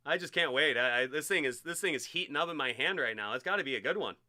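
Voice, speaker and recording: A man hosting a live-streamed sports card break, chatty and excitable as he hypes each card he pulls. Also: a little high, fast.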